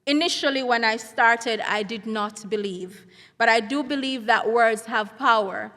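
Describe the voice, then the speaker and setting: A middle-aged woman, a school counselor giving an earnest, measured symposium speech. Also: on the high side, sharp tone. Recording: reverberant hall sound.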